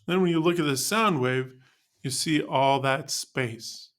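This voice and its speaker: A male music teacher narrating a scripted lesson on articulations in a clear, instructional way. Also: medium pitch, measured pace, fairly bright tone.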